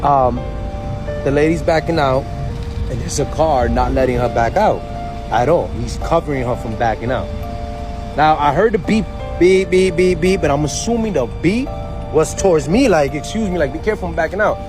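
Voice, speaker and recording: A man sitting in his car, telling a story in an animated, heated, profane way. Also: on the high side, moderate pace, music in the background, rough recording. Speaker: social media poster. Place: parked car.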